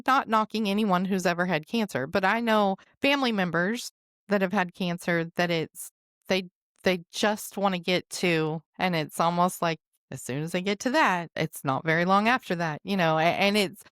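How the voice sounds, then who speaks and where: A woman's voice: fairly low pitch, normal speed, a bit bright, no echo, studio quality. A woman who works as a massage therapist, chatting casually as a podcast guest with loose, hesitant phrasing. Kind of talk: casual conversation.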